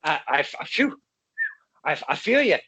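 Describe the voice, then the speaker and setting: A man hosting a casual wrestling interview over a video call, excitable and stammering, often repeating his words as he talks. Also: on the high side, normal speed, breathy edge, lo-fi sound. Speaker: interviewer, podcast host.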